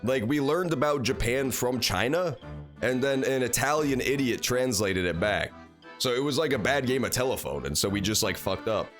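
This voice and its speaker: A man's voice: medium pitch, lively intonation, normal speed, faint music behind. A young man giving casual, profane, joking gameplay commentary. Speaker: let's play host.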